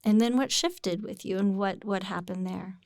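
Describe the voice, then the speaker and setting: A woman's voice: mid-range voice, moderate pace, darkish tone, no echo, studio quality. A woman hosting an interview, asking questions in a friendly, chatty way with lots of fillers. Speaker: interviewer, host. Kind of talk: casual interview.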